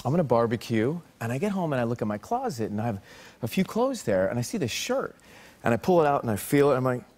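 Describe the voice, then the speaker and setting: A man's voice: mid-range voice, fast talker. A man telling a talk show host a funny personal story, acting out what people said. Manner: animated storyteller, acts out quotes. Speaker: guest. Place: TV studio with audience.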